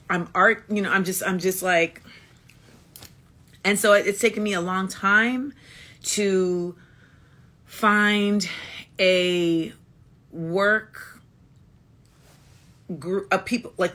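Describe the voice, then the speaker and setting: A woman's voice: mid-range voice, sharp tone. A woman hosting a casual livestream monologue into a phone, blunt and emphatic, restating her points again and again. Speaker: livestream host.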